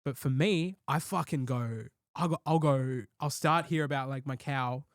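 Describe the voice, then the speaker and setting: A man's voice: medium pitch, normal speed, dry recording. A man in casual podcast chat, rambling and swearing lightly as he works through ideas. His voice sits mid-range, recorded close and dry, with no room sound around it. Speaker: podcast host and comedian.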